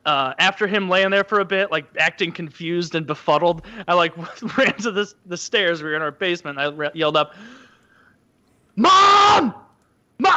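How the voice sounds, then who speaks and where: A man casually telling a childhood story on a podcast, animated and acting out the quotes in a high voice. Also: dull audio. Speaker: podcast co-host.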